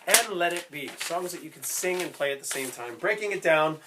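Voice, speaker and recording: A man teaching a step-by-step music lesson who explains slowly, keeps checking in with "right?" and breaks into short sung snippets. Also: on the high side, expressive, heavy background noise. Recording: loud instrument playing behind the voice.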